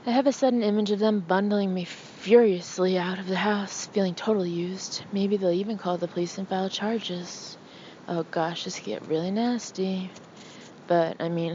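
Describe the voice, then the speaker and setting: A woman narrating an audiobook in the first person, with an expressive, intimate, anxious delivery. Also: on the low side, highs cut off, a little hiss or hum.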